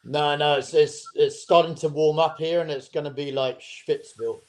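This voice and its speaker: A man on a football podcast panel speaks in a slightly raised voice with a relaxed, slangy delivery. There is a faint noise behind his voice. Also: fairly high pitch, normal speed. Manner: laid-back, slangy. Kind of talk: casual football chat.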